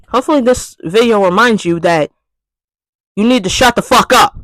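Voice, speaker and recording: A vlogger delivering an irritated, profane rant straight to camera. The voice sits at a middling pitch and keeps circling back to the same words for emphasis. The recording is dry and close, with no room sound. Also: normal speed, a bit bright, no echo, low-quality recording. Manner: exasperated, profane, repetitive.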